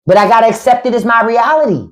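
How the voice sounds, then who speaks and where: A woman hosting an unscripted livestream who speaks bluntly and sarcastically and swears freely. Her voice sits on the high side and swoops widely up and down. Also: animated, fast talker. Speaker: livestream and podcast host.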